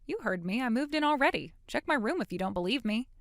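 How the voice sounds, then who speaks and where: An actress with a high-ish voice speaks fast and animatedly, playing a blunt, sarcastic grown daughter who defiantly stands up to her mother and cuts ties in a dramatic story. The clean studio recording has no echo.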